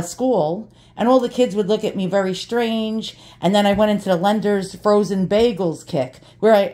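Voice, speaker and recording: A woman's voice: mid-range voice, a little mellow. A brash, profane woman chatting casually to viewers as she unboxes antiques, joking and swearing as she goes.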